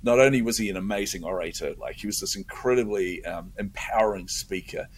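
A middle-aged man, a guest in a conversation, telling a story in an animated way and acting out his own inner voice. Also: low-pitched, a little fast, husky.

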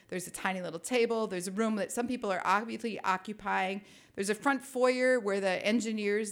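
A woman spins a personal story with lively, animated delivery, dropping wry asides as she goes. Her pitch sits in an ordinary middle range, neither high nor low. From Minnesota. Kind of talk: personal story told to an audience.

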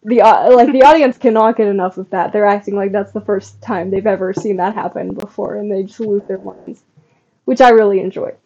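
A woman's voice: medium pitch, steady tone, fairly quick, warm tone, muffled recording. A woman co-hosting a podcast in casual chat, talking in a chatty, giggly way with lots of fillers. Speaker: podcast co-host. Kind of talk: casual chat about a comedy show.

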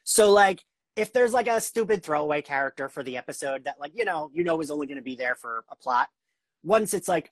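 Young woman podcast host, low voice, dry sound, rambly and super into it, says like constantly. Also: animated, brisk, dry recording. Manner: enthusiastic, rambling, heavy use of "like". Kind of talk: casual interview chat. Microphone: video call.

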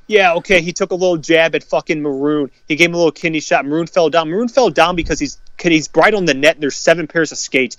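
Guy ranting about hockey fans, swearing nonstop, kinda high voice, dry close mic. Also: quick pace, hardly any pauses, a bit bright, no echo, highs cut off. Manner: heated, profane ranting. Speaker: podcast co-host. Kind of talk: profane sports rant.

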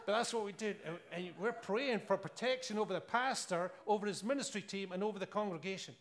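Scottish male preacher, earnest storyteller, slightly higher voice. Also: quick pace. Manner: earnest, storytelling, with rhetorical questions and laughs. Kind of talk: sermon.

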